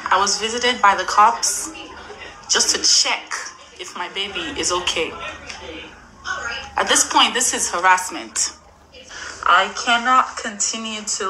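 A woman's voice: medium pitch, rough recording. A young woman from Africa venting to her camera, indignant and emotional, repeating herself as her voice breaks. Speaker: vlogger. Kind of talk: emotional direct-to-camera rant.

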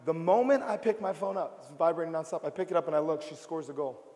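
Animated high-voiced preacher in a reverberant hall. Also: male voice, quick pace, a little hiss or hum. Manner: animated storytelling with comic voices. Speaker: pastor, guest preacher. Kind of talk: lively comedic sermon. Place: large church auditorium.

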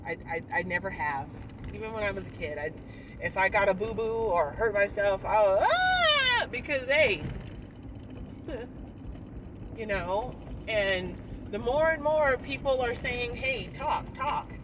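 A woman's voice: medium pitch, lively intonation, measured pace, distant mic. Rambling woman vlogging over traffic noise. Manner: emotional, rambling, with sighs and frequent fillers. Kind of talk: candid personal vlog rant.

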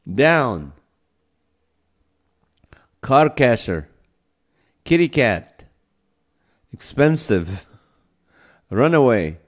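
A man's voice: medium pitch, very animated, drawn-out words, pauses often. A man hosting a live stream, reading out viewer comments in a playful, easygoing way and laughing often. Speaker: livestream host. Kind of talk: casual live-stream chat. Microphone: phone or camera mic.

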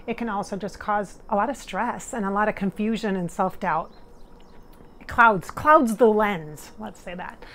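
A woman's voice: medium pitch, measured pace, fairly bright tone. A middle-aged woman working as a spirit medium talks casually to her viewers. She is earnest and emotional, laughs often and tears up. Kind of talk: casual monologue during a channeling session.

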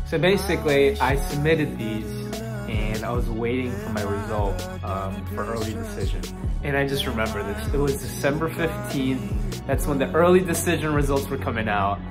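Young male vlogger, lively storyteller, acts out phone calls, slightly raised pitch, with a music bed. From New Jersey. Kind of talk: reading an essay, then casual storytelling. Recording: clear music bed behind the voice.

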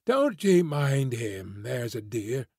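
A man's voice: medium pitch, sing-song, slow pace, vocal fry, darkish tone, breathy edge, dry recording, clean studio sound, heavily acted. A man voicing a stout, kindly young farm woman who turns dreamy and tipsy, with homely rural speech.

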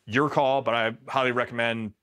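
A middle-aged man from Pennsylvania, a Marine veteran, telling war stories in a casual, deadpan way and quoting himself flatly. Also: medium pitch, normal speed, clear, resonant tone. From Pennsylvania, USA. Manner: laid-back, deadpan, quotes himself flatly. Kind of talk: casual storytelling interview.

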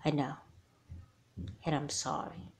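A hesitant, apologetic adult kidnapper who speaks in a low, quiet voice, as a woman voices her. She sounds soft and unsure of herself. This is a homemade doll movie. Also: level tone, slow pace. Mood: remorseful.

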